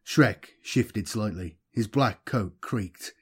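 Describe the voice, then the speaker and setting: A man reads a dramatic war story aloud in a measured audiobook style. His pitch sits in the middle range, and he paces the action steadily. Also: expressive. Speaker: narrator.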